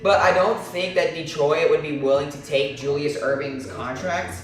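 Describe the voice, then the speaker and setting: A man's voice: a little high, normal speed, faint music behind. A man hosting a casual live sports stream, talking through draft picks in a hesitant way, with lots of fillers and restarts. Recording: echoey room, far from the mic.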